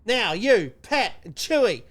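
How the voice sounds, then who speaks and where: A man's voice: sits high, big pitch swings, unhurried, fairly bright tone. A man co-hosting a podcast, ranting sarcastically and swearing freely in casual banter. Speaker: podcast co-host.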